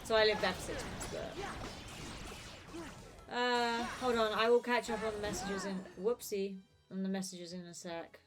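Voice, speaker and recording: A woman's voice: medium pitch, level tone, normal speed, music in the background. A woman with a neutral British accent chatting casually with her stream while she plays, rambling with many fillers and laughing easily. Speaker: game streamer. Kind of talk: casual chat while gaming.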